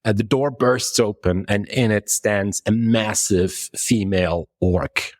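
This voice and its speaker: A man narrating a tabletop game as game master, with halting delivery and frequent restarts. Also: lowish voice, dry recording, clean studio sound.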